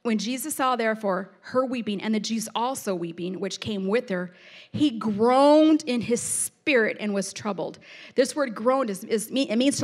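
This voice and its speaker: Woman with a high voice reading scripture and chatting about it, lively and jokey. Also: moderate pace. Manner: chatty, animated, self-deprecating asides; reads scripture aloud then explains it. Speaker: Bible teacher. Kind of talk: casual Bible teaching.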